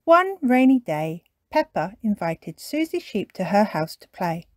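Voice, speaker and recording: A woman storyteller reading a children's storybook aloud with an expressive delivery. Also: medium pitch, no room sound. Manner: slow and expressive.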